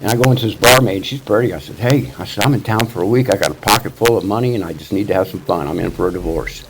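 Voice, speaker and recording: A lowish, fast male voice: a Missouri man in his sixties offering casual testimony about his life at a recovery meeting. He wanders through the story, cursing and saying "you know" constantly, with loud background noise throughout.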